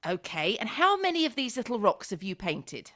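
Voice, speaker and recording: Lively woman radio presenter. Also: a little high, normal speed. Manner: warm, animated and encouraging with a child guest. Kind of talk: live radio interview.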